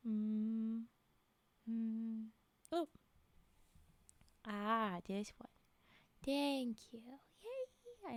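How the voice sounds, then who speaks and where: Giggly high-voiced woman streamer, lively. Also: drawn-out words, long pauses, no room sound. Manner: giggly, reacting to chat with exasperated disbelief. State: yawning, sleepy. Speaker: streamer reading stories to chat. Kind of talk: casual live-stream chat.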